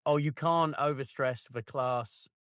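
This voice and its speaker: A man's voice: medium pitch, a bit bright, no room sound. A man co-hosting a casual chat about a football book, trading wry jokes. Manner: wry banter, quick jokes. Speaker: podcast co-host.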